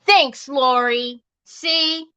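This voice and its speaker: A woman's voice: high-pitched, extremely slow, pushed and bright, low-quality recording. A woman hosting a crafting livestream, chatting casually and joking at her own expense while she works. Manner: chatty and self-mocking, often laughing.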